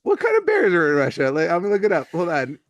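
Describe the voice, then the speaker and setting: A man's voice: fairly high pitch, wildly swooping pitch, fast talker, no echo. A man co-hosting a podcast, joking and rambling in self-deprecating casual chat. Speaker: podcast co-host.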